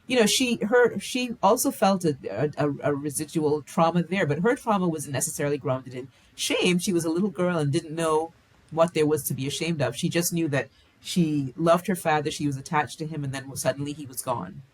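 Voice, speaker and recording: A woman author being interviewed, answering in a reflective way and pausing to search for words. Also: low voice. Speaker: author guest.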